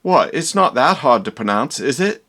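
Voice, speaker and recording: A man voicing a cheeky, bug-eyed hunchbacked servant in a low, gruff wisecracking voice. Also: sing-song, normal speed, fairly bright tone.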